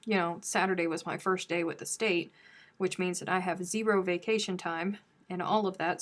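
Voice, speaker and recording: A woman hosting a crochet live stream from home, chatting casually and teasing her viewers. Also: fairly low pitch. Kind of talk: casual chat reading viewer comments.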